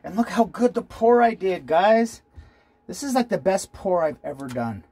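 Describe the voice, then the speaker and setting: A man's voice: sits high, big pitch swings, moderate pace, dark tone. A man casually talking viewers through his jewelry casting work in a home workshop, calling them "guys" and poking fun at himself. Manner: talks to viewers while working, self-deprecating, frequent "guys". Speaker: jewelry maker vlogger.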